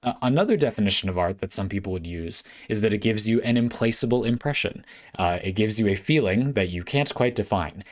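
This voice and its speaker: A man's voice: fairly low pitch, expressive, a little fast. A man talking casually to camera at home, answering a viewer's question and thinking aloud with fillers, restarts and short laughs. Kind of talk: casual spoken essay to camera.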